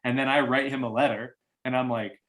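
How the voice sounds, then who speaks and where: A man's voice: medium pitch, steady tone, a little fast, a bit bright. A young man on a video call, talking candidly in a casual group share, swearing often and filling his talk with "like". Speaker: workshop facilitator.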